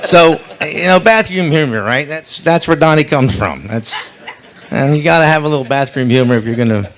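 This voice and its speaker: A man's voice: fairly high pitch, moderate pace, slight background noise. A man telling bawdy roast jokes at a live banquet event, rambling through setups and losing his place now and then. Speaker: roaster, emcee. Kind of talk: comedy roast joke-telling.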